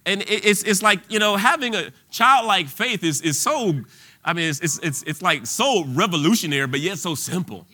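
A man's voice: sits high, expressive, moderate pace, sharp tone. A man preaching an informal sermon in a conversational way, full of restarts and fillers, at times rising to bold declarations.

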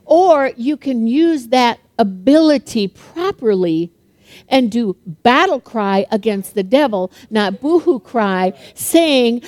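An older woman preaches a sermon to a live congregation in a quick, chatty way, full of jokes and little laughs. Her voice sits high, and she reads verses and then riffs on them at speed. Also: animated, darkish tone. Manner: fast-talking, chatty and humorous, laughs often.

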